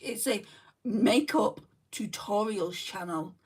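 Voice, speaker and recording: A woman with a New Zealand accent talks her way through a makeup livestream, greeting viewers by name and answering their comments in a relaxed, chatty way. Her voice sits in a middle pitch and comes across a little distant from the mic, as if she sits back from a phone or camera indoors at home. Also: slow pace, slightly rough. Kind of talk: casual chat reading live comments.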